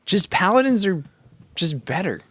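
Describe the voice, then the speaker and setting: Animated man in casual podcast banter. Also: sits high, moderate pace, husky. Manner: profane, excitable banter. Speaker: podcast co-host. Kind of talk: casual chat.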